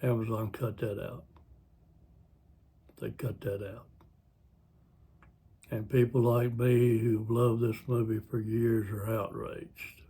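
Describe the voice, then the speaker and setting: Slow, husky man rambling. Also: on the low side, level tone, dark tone. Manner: rambling, self-correcting. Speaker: vlogger. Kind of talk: casual storytelling.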